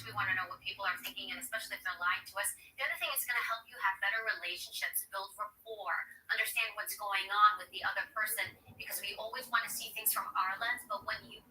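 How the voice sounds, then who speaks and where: Bright, animated woman on TV. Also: medium pitch, roomy sound, distant mic, a little hiss or hum, rough recording. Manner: animated, acts out examples. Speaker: body language expert guest on TV. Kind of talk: TV interview, explaining. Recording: TV speaker heard across a room.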